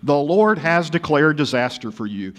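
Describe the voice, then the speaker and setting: A man's voice: on the high side, expressive, moderate pace, lightly acted. A man voicing a bitter, cranky old prophet who speaks sarcastically, recorded in a reverberant hall. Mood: sarcastic.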